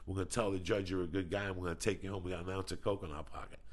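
He's a podcast host whose low voice races along at a steady tone, telling stories bluntly, casually and with plenty of profanity in relaxed conversation.

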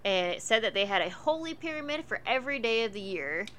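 Bright-voiced woman podcast co-host. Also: a little high, quick pace, slight background noise. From United States. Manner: animated, swears freely, laughs often. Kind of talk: casual chat and storytelling.

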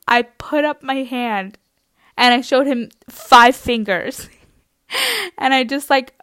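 A young woman telling a comic anecdote in an animated, exaggerated way. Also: high voice, slow pace, clean tone, dry recording, clean studio sound. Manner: animated, exaggerated, laughing through lines. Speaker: storyteller.

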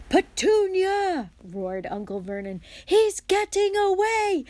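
A woman reads a children's novel aloud as a guest reader. Her pitch sits in the middle range. She drops to a whisper or rises to a shout as the characters call for it.

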